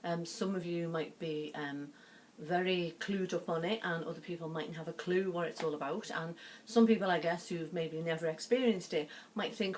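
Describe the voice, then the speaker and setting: A woman with a Liverpool accent, a sound healer explaining her work in a gentle, chatty way with many fillers. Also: lowish voice, fairly even intonation, moderate pace, a little hiss or hum. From Liverpool, England. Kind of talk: explanatory talk to camera.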